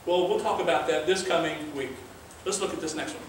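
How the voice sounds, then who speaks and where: A man's voice: on the high side, fairly quick, a little hiss or hum. A male pastor preaching a sermon in an earnest, conversational way, weaving in scripture readings. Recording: very echoey room, mic far off.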